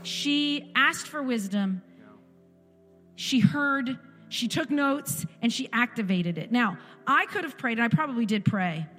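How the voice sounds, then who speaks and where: A woman's voice: on the high side, expressive, a little slow, sharp tone, long reverb tail, faint music behind. A woman in her forties giving an impassioned church testimony, firing off repeated rhetorical questions. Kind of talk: sermon testimony.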